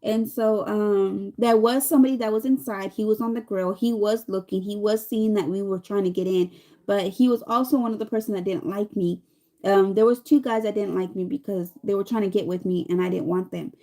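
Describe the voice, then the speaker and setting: A chatty woman in her thirties tells a long, rambling story while she does her makeup, slipping into the voices of the people in it. Her tone is mellow and warm, sitting at an ordinary middle pitch. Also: a little fast. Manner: chatty, rambling, animated quoting. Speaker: vlogger.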